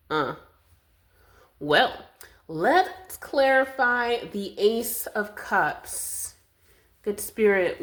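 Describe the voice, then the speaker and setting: Woman, tarot reader, unhurried, affectionate, slightly out of breath, mid pitch. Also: fairly bright tone. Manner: slow, soothing and affectionate, calls viewers loves and darling. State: a little winded, with coughs. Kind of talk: collective tarot reading to camera.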